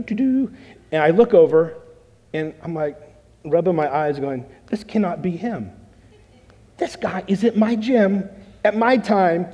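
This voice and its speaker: A man shares his testimony in a church hall, acting out what people said as he tells the story. His voice sits a little high yet sounds mellow and dark-toned, and he clears his throat often. A long reverb from the big room trails behind every line. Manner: animated storytelling with acted-out quotes. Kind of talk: spoken testimony. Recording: long echo of a large hall.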